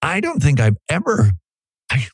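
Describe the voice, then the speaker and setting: A man's voice: a little high, huge pitch swings, a little slow, husky, no room sound. A middle-aged man hosting a Christian talk show, speaking conversationally and animatedly, sometimes mimicking other voices for emphasis. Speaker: Christian radio host. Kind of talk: opinion talk monologue.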